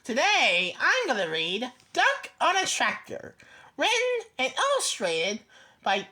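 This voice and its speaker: A woman reading a children's picture book aloud slowly and expressively, with small stumbles. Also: sits high, wildly swooping pitch, bright, forceful tone.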